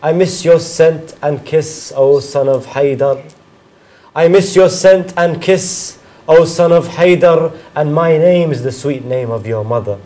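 A man's voice: fairly high pitch, fairly even intonation, measured pace, dark tone, poor audio. A man reciting his own mournful elegy poem, repeating its refrains with a grieving voice that rises and falls with emotion.

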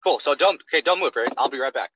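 A man's voice: medium pitch, animated, fast talker, a bit bright. A man coaching a salesperson over an online call, blunt, profane and intense, with dull, dry call audio. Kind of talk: blunt coaching role-play session.

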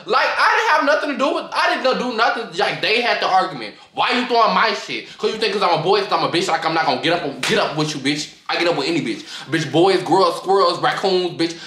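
A young man telling a profane, animated storytime to his vlog audience, often breaking into laughter. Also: high-pitched, quick pace, hardly any pauses. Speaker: vlogger. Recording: echoey room.

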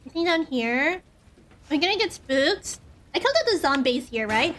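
A woman's voice: high-pitched, sing-song, normal speed, fairly bright tone, a little hiss or hum. A woman streaming a horror game, rambling nervously, swearing often and filling her talk with "like". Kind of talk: casual gameplay commentary.

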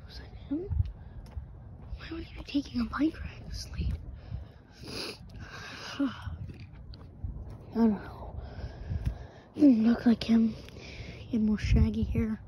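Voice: medium pitch, slow pace, long pauses, highs cut off. A performer voicing a grumpy young loner who tinkers with drones, talking through a voice changer in a British accent with a lisp, half-whispering and grumbling to himself. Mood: muttering. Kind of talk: muttered solo role-play. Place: outdoors in woods.

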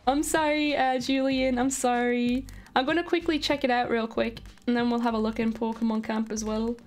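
High-voiced, gushing woman streamer. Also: moderate pace. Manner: gushing, excitable, talks to chat viewers. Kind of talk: live game stream commentary. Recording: faint background music.

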